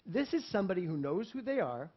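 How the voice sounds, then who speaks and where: A male pastor with a high-pitched, husky voice talks fast as he tells a personal story in his sermon. He acts out each person animatedly and laughs between lines, all on a dull lo-fi recording.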